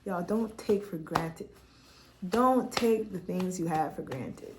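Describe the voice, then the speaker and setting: A young woman from Quebec talks at home into her laptop with a slightly low voice. She shares a personal testimony in a candid, heartfelt and chatty way. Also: takes it slowly, noisy background. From Quebec, Canada. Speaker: vlogger.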